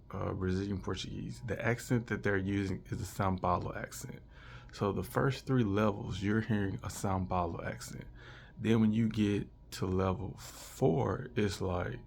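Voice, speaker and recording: Gravelly low-voiced man vlogging casually. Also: normal speed, slight background noise. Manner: rambling, many restarts and fillers. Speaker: vlogger reviewing a language course. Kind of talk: casual unscripted review.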